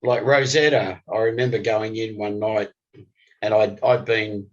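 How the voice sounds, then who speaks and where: An older man, a guest musician telling animated stories in an interview. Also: on the low side, measured pace. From Australia. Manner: animated storyteller, voice jumps up when excited. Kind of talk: storytelling interview. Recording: slightly dull lo-fi recording.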